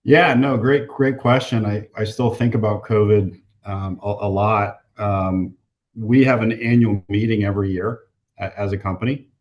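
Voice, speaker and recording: A man who is a company president, answering interview questions in a measured way and repeating words at the start of phrases. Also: on the low side, steady tone, a little mellow.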